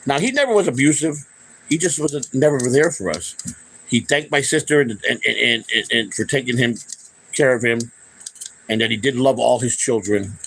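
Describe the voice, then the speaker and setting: Man, middle-aged, from Chicago, channel host, unscripted storytelling, rambling, heavy cursing, many restarts, ordinary pitch. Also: fairly bright tone, slight background noise, low-quality recording. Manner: rambling, profane, with frequent restarts.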